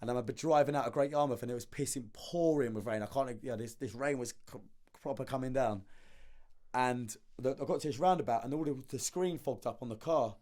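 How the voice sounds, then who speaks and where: A man, a podcast guest telling his story in casual conversation, animated and slangy, often repeating words as he acts out the dialogue. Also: medium pitch, fairly quick.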